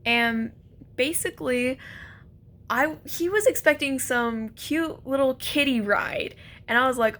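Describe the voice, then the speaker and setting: A young woman telling a casual, animated story about a first date, laughing and acting out quotes. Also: high voice, unhurried. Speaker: vlogger.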